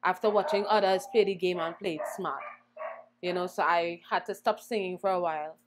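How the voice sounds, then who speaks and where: A young woman singer, a guest in an interview, telling her story in an animated way and acting out the voices she quotes. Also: lowish voice, brisk, noisy background. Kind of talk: conversational storytelling.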